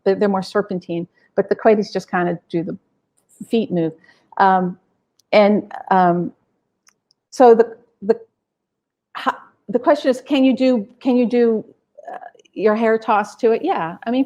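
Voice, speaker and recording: Middle-aged woman scholar in an interview, lively, acts out quotes, mid pitch. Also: muffled recording. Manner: animated, acts out quoted people. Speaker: music scholar, interview guest.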